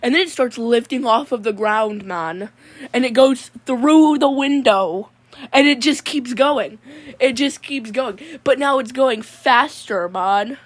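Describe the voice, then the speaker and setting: A woman's voice: fairly high pitch, slow pace. A woman voicing a goofy, laid-back young guy with a mullet, drawling and rambling as he keeps calling people "mon". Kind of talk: comedic character monologue.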